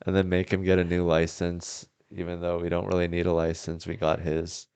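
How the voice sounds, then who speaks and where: A man's voice: deep voice, monotone, a little fast, darkish tone, smooth, no echo. A man hosting a casual podcast chat from a house, laid-back and wry, swearing freely. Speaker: podcast host.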